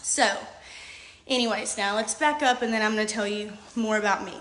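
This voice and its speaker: A woman's voice: medium pitch, fairly quick, a bit bright, reverberant. A woman, talking nervously and rambling on a live video, holding back tears. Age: late 20s. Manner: nervous, rambling, says um often. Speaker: hairstylist and product seller.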